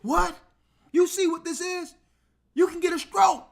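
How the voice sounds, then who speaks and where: A woman's voice: high-pitched, animated, measured pace, vocal fry, a bit bright, pitched above the performer's own voice, exaggerated voice. A man mimicking an alarmed female nurse who is panicking over a reading.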